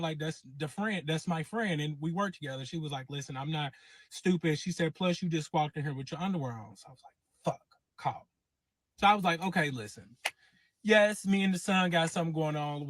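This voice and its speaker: Guy telling a story, acts out all the quotes, kinda high voice, dry close sound. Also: no room sound. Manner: animated, acts out quotes with cursing. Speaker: guest telling his story. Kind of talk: casual storytelling.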